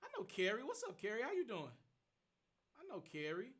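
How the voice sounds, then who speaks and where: A young man hosting a casual phone livestream, rattling off rapid shout-outs to viewers and answering their questions. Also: sits high, wildly swooping pitch, breathy edge. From Memphis. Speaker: livestream host.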